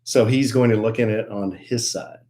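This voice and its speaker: A man's voice: fairly low pitch, fairly even intonation, normal speed, warm tone. A man co-hosting a podcast with his wife, chatting casually in a dry, teasing way. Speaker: podcast co-host. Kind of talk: casual chat.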